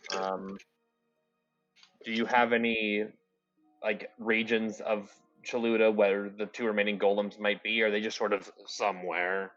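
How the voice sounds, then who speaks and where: A man chatting casually as a player in a tabletop game, quick to joke and be sarcastic. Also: fairly low pitch, flat delivery, a bit bright, dull audio, faint music behind.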